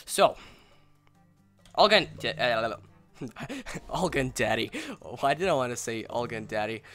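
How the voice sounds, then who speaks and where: A young man talking through a strategy game in a bright, edgy voice, rambling and saying sorry a lot before breaking into loud cheers and groans. He sounds a bit under the weather and clears his throat now and then. Faint music plays behind him. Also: mid-range voice, slow. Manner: rambling, apologetic, bursts into excited yelling. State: slightly sick, clearing throat. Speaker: gameplay commentator. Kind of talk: casual let's-play commentary.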